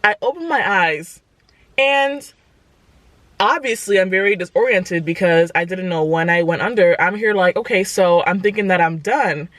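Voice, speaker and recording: Animated young woman telling a story. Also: lowish voice, normal speed, no room sound. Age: 20s. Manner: animated, exclaims to viewers as "y'all". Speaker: vlogger. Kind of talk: casual storytime.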